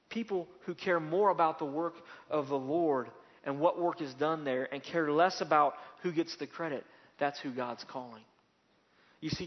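A male pastor delivers a sermon in a slightly high voice, pressing points home with repetition and rising emphatic bursts. The sound is dull and lo-fi, and a long reverb trails after each phrase.

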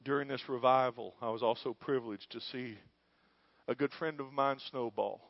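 A man's voice: medium pitch, steady tone, normal speed, no room sound. A man, a pastor preaching a sermon and telling a story with growing fervor. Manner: storytelling, building to fervent shouting. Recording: dull dry lo-fi.

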